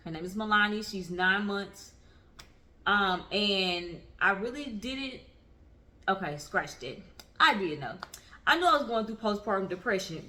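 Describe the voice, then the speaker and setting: Earnest bright-voiced woman in her thirties. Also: mid-range voice. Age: 30s. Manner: earnest and emphatic, repeats phrases for weight. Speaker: vlogger. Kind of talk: candid personal talk to camera.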